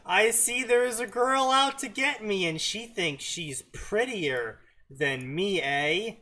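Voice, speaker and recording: A man's voice: high-pitched, animated, takes it slowly, bright, forceful tone, voice pushed up, full character voice. A man voicing a nasty old female witch with a slimy, sneering voice while reading fanfiction aloud for laughs.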